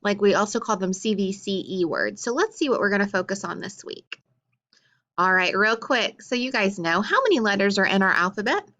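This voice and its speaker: A woman teacher giving a phonics lesson to young children, encouraging them with questions and praise and drawing out words slowly. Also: mid-range voice, animated, bright, forceful tone. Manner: draws out words slowly for syllable clapping.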